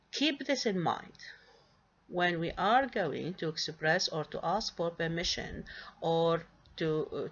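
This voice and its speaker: A woman teaches an English grammar lesson, often posing a question and answering it herself, with lots of fillers. Her voice is fairly low in pitch and fairly bright in tone, and the recording sounds muffled.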